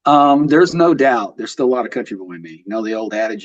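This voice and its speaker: A man in his fifties with a light West Texas accent, a podcast guest talking casually and thoughtfully, with frequent pauses and restarts. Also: lowish voice, animated, dry recording. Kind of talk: casual interview. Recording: dull lo-fi audio.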